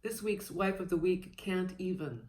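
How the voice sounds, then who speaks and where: A woman's voice: lowish voice, moderate pace, a little mellow. Chatty woman vlogger in an echoey room. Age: 30s. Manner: scattered, playful, chatty with fillers. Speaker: cross-stitch vlogger. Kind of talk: casual chat showing a stitching haul.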